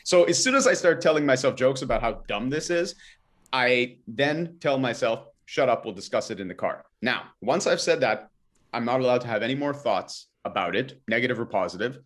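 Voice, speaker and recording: A man, a guest on a podcast, telling stories in a relaxed, chatty way and acting out his own thoughts in quoted asides. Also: mid-range voice, moderate pace. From Canada. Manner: animated, acts out his own inner voice. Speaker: podcast guest, kettlebell coach. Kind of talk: casual interview storytelling.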